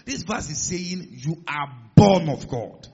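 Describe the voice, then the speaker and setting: A male pastor preaching a sermon in a large church hall, emphatic and building to loud declarations. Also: a little high, expressive, slow pace, slightly rough. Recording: muffled sound with long hall reverb.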